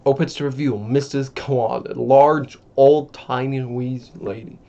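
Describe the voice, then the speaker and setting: A man's voice: mid-range voice, steady tone, unhurried, few pauses, mellow. A man casually reading a screenplay aloud, with offhand asides and swearing, on a dull lo-fi recording. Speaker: channel host reading a screenplay. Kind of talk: casual comedic script read-through.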